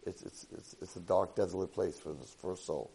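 A man teaching a Torah portion lesson to a live class, an animated storyteller sprinkling in Hebrew and Yiddish words. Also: low-pitched, a little fast, slightly rough, poor audio.

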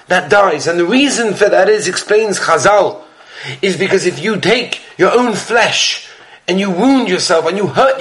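Man with a high voice, earnest and emphatic sermon storyteller. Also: a bit bright. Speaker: rabbi giving a weekly Torah talk.

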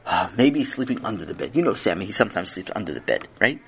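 Brief: man playing a flustered dad in a storybook, quick, lively and talky. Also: lowish voice, slight background noise, pitched below the performer's own voice. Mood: puzzled. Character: puzzled father, fussy and stern.

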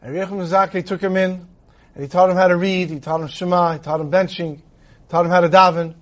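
A man with a high voice teaches a Torah lesson, moving from explanation into a long story. He tells it with animation and acts out each character's lines. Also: steady tone, fast talker, fairly bright tone. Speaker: rabbi teaching.

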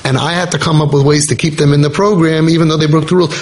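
A man's voice: on the high side, quick pace, vocal fry, hardly any pauses, a little hiss or hum, poor audio. A man hosting a parenting podcast, telling a true story in an earnest, casual way and repeating key points for emphasis.

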